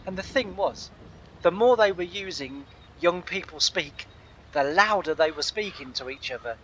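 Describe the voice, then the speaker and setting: A man's voice: high-pitched, animated, normal speed, fairly bright tone, lo-fi sound, slight background noise. A man hosting a gaming channel, chatting casually and rambling, laughing often. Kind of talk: casual chat over gameplay.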